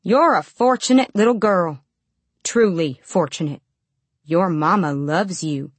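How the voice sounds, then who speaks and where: A woman puts on a big male store manager with a booming, condescending voice. He talks down with a falsely kindly tone. The recording is dry and close. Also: unhurried, husky, no room sound.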